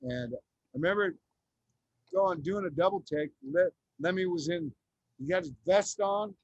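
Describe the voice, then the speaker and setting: A man's voice: high-pitched, very animated, measured pace, creaky, husky, dry recording, highs cut off. A man chatting as a guest musician, telling loose anecdotes full of swearing. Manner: loose, profane storytelling. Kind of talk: casual chat.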